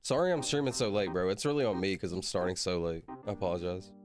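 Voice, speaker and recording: A man's voice: low voice, lively intonation, fast talker, faint music behind. A man chatting casually on a livestream, rambling, laughing often and apologizing a lot to his chat. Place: at his computer streaming.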